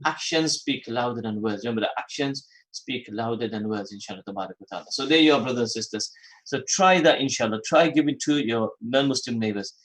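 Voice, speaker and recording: A male host of a religious phone-in radio show, speaking at a middle pitch into a studio microphone. He repeats his points for emphasis and mixes in Arabic and Urdu terms as he reads out listener messages. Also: a little fast, a bit bright, low-quality recording.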